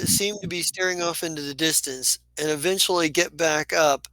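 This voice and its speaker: A man's voice: fairly high pitch, bright, forceful tone, poor audio. A man narrating as game master in a tabletop game, rambling and often correcting himself mid-sentence.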